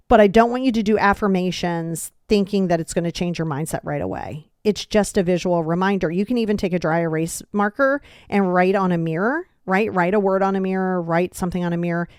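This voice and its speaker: Woman, young adult, podcast host, blunt and animated, casual swearing, dry sound. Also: medium pitch, no room sound. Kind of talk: casual motivational talk.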